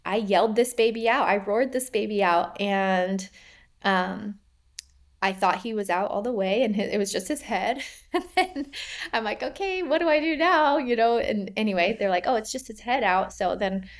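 A woman's voice: medium pitch, normal speed. A woman in her thirties recounting her birth story in a casual, rambling way, with many fillers and frequent laughs. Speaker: podcast guest. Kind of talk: personal story, casual interview.

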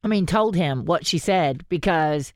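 A woman, co-hosting a podcast and telling a story in an animated way, quoting people as she goes. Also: sits low, measured pace, no room sound, clean studio sound. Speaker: podcast co-host. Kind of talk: casual chat.

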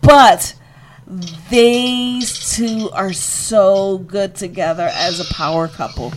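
A woman's voice: medium pitch, takes it slowly, noisy background. A woman co-hosting a wrestling podcast, teasing the others and giving her picks. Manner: teasing, expressive. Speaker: co-host. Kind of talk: casual wrestling prediction chat.

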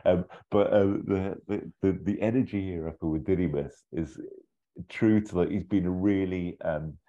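Casting: low, mellow-voiced man pitching ideas casually on a dull lo-fi recording. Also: normal speed. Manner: rambling, acts out lines in bits. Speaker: podcast co-host pitching a story idea. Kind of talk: casual chat.

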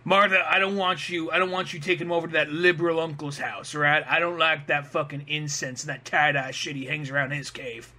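A man voicing a gruff, bigoted reindeer father who grumbles in a rant. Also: fairly high pitch, flat delivery, brisk, hardly any pauses, sharp tone.

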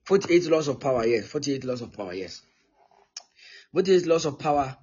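A breathy, heavily husky male pastor teaches in his thirties, driving his points home by repeating them and asking "okay?" again and again. The sound is dull and lo-fi, like a streamed recording. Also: medium pitch, big pitch swings, moderate pace, darkish tone. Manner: emphatic and repetitive, often checking in with "okay?". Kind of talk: live-streamed teaching sermon.

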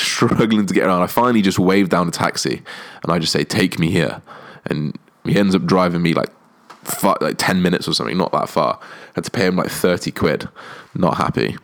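A man's voice: low-pitched, a bit bright. A young man telling a candid, sweary story in a casual, laid-back way.

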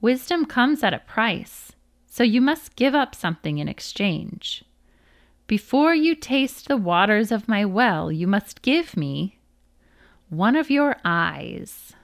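A woman's voice: mid-range voice, big pitch swings, slow, creaky, no echo, clean studio sound, heavily acted. A woman voicing a wise, old, long-bearded male giant with a sing-song way of speaking, reading a storybook aloud. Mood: knowing.

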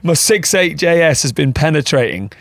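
A podcast co-host with a fairly bright, expressive voice on the high side chats casually at a moderate pace. The clean studio recording has no room sound, and he rambles in a self-mocking way.

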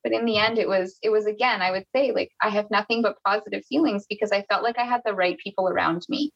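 A woman's voice: medium pitch, fast talker, vocal fry, fairly bright tone, highs cut off. A woman from Canada, a podcast guest telling a personal story in a casual, chatty way, with many restarts and quoted dialogue.

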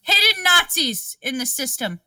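Brief: young female podcast co-host, blunt casual banter, very bright voice, slightly off-mic. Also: high voice, very animated, a little slow, no echo, recorded from a distance. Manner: blunt, profane, laughs often. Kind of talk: casual movie review chat.

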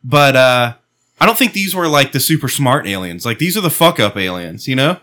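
A man in casual banter, telling animated, swear-heavy stories to his friends. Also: medium pitch, a little fast. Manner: animated storyteller, swears freely.

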